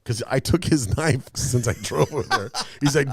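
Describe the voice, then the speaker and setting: Over crowd noise, a man with a medium-pitched voice at normal speed co-hosts a podcast. He tells a profane, casual story with animation, voicing other people's quotes himself.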